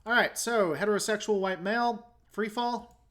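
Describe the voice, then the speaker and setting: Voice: medium pitch, moderate pace, fairly bright tone. A YouTube host giving casual reaction commentary and answering viewer comments, frank and opinionated, often restarting sentences.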